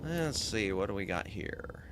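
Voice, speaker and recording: A man's voice: on the low side, expressive, a little slow, noisy background. A man streaming a video game as a VTuber, chatting casually, thinking aloud and thanking his chat.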